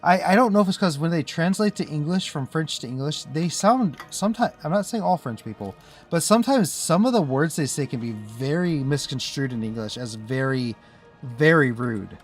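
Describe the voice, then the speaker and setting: A man's voice: fairly high pitch, animated, moderate pace, faint music behind. Chatty rambling streamer man. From US Midwest. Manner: chatty and rambling, with frequent self-interruptions and laughs. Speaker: game streamer. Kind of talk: casual live-stream commentary.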